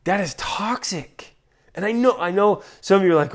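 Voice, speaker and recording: Man, podcast host, earnest and direct; leaps to loud emphasis, drops to a near whisper. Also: high-pitched, normal speed. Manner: animated, swinging from loud emphasis to hushed, near-whispered words; earnest and direct, with many restarts and rhetorical questions. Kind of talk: heartfelt casual talk to listeners.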